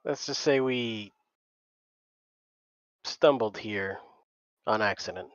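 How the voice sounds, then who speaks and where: A man's voice: lowish voice, slow, dry recording, dull audio. A man playing in a tabletop game, speaking plainly and directly in character. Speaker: player.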